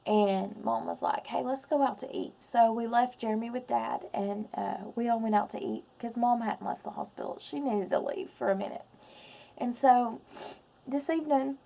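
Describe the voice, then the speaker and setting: A woman in her thirties, speaking in a personal vlog, close to tears, halting with many pauses and ums. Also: on the high side, creaky, mellow. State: close to crying. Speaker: vlogger.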